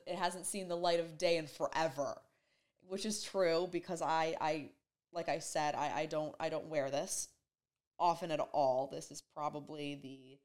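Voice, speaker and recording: Young woman, lowish voice, rambling, emotional, casual storytelling. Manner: rambling and emotional, heavy use of "like". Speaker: vlogger.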